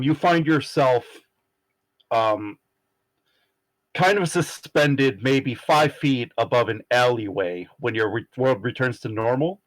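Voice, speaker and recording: A man running a tabletop role-playing game as game master, narrating with many pauses and fillers. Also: mid-range voice, rough recording. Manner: halting, many ums and uhs.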